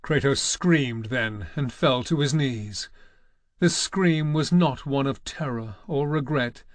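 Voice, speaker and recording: A man's voice: mid-range voice, no room sound. Dry, dramatic male audiobook narrator. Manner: measured, dramatic reading. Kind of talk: scripted narration.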